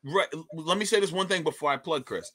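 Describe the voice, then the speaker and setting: A man's voice: a little high, fast. A young male stand-up comedian chatting loosely as an interview guest, often restarting his sentences. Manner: animated, loose, repeats words when starting sentences. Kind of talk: casual interview chat.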